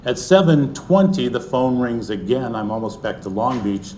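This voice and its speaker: A middle-aged man telling a personal story to an audience, earnest, and often sinking into a soft, hushed voice. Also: mid-range voice, animated, normal speed, a little hiss or hum. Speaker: speaker sharing a personal story.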